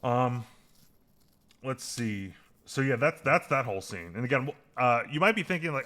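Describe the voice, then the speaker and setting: A podcast co-host with a mid-range voice speaks fairly quickly, rambling casually with plenty of fillers and growing heated and animated as he picks apart a TV episode.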